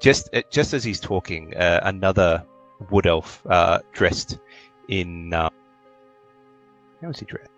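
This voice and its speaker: A man narrating a tabletop role-playing game as game master, relaxed and full of fillers. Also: low-pitched, slow, long pauses, dull audio, soft background music.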